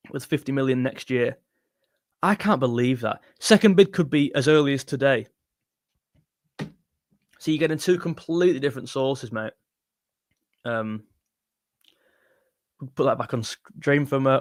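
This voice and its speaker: A young man hosting a casual fan live stream, excitable and jumpy, talking straight to his chat. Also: on the high side, no room sound, studio quality. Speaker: football fan channel host.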